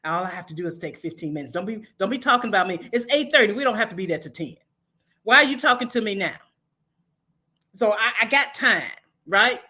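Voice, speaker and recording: Middle-aged woman, inspirational host, animated storytelling, playful laughter, mid-pitched voice. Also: fairly quick. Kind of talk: casual faith-based motivational talk.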